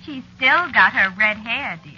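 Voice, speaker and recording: An actress playing a jealous, sly witch wife in a 1940s radio drama, teasing and quietly menacing, on a dull lo-fi old radio recording. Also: fairly high pitch, expressive, a little slow, a little hiss or hum, exaggerated voice. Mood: sly menace. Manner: purring, sly, mocking.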